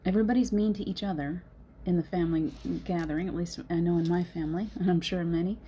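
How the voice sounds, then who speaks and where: Warm, low-voiced middle-aged woman. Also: fairly even intonation, fast, slight background noise. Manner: laughs often, earnest and encouraging. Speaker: host. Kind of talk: casual motivational talk.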